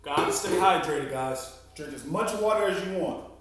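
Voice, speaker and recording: Breathless PE teacher counting down in echo. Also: male voice, on the high side, expressive, moderate pace, fairly bright tone. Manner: encouraging, counts down intervals. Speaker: elementary PE teacher. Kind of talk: coaching a home workout video class. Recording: echoey room, mic at a distance.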